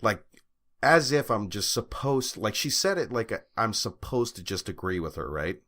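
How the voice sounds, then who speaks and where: This podcast co-host is a young man whose fairly low, slightly bright voice moves at normal speed and sounds animated. He spins a long, rambling story in casual conversation, full of filler words and profanity.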